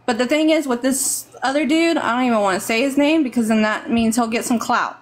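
A woman's voice: a little high, a little fast. A woman from Texas with a Texan accent, giving rambling, earnest, motherly advice on a live stream over a phone mic.

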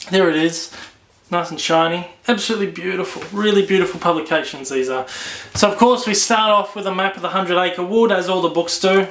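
An Australian man in an echoey room talks through a book review in a fairly high voice. He is enthusiastic and often repeats his words. It sounds like a casual home review. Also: a bit bright.

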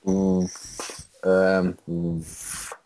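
A man's voice: low-pitched, monotone, drawn-out words, dark tone. A man chatting casually while playing an online drawing game, drawling and self-deprecating, laughing along. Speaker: co-host of gaming channel. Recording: faint background noise.

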